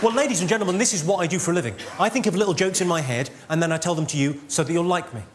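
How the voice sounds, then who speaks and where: A man doing live stand-up comedy on a theatre stage, delivering crude deadpan one-liners and chatting with the crowd. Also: high-pitched, rapid-fire. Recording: loud audience noise at a live show. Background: audience laughter.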